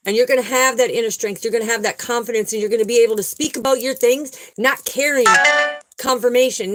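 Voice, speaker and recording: Fairly high in pitch, this woman's voice is heard over slight background noise in a rough recording. A spiritual vlogger, she gives an earnest, emphatic, casual spiritual talk and testimony about her own experience, often repeating herself for emphasis.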